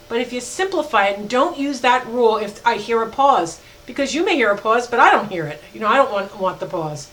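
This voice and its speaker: A woman's voice: fairly high pitch, fairly bright tone, rough recording. A woman professor lecturing her class in an emphatic, teacherly way. She drags out her examples word by word and stops to fix her own slips, with an um here and there. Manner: emphatic, slows down to spell out examples; self-correcting, with fillers. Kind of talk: recorded lecture.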